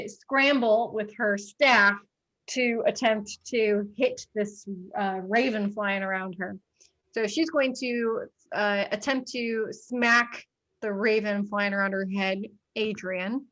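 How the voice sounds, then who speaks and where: A woman's voice: on the high side, fairly bright tone. A woman running a tabletop game as dungeon master, narrating the action in a playful way with frequent fillers and laughs.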